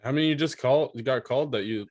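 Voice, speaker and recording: A man's voice: medium pitch, quick pace, darkish tone. A man co-hosting a podcast, chiming in with short laid-back remarks in casual chat.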